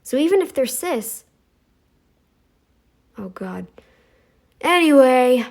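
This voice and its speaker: A middle-aged woman hosting a commentary channel, talking in a sassy, scolding monologue aimed at her critics. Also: a little mellow. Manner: sassy, scolding, mocks others in high voices.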